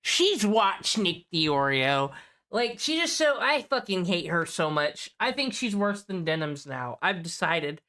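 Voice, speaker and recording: A woman's voice: lowish voice, very animated, a little slow, a bit bright. A woman streamer reacting to drama clips in blunt, profane, sarcastic casual commentary.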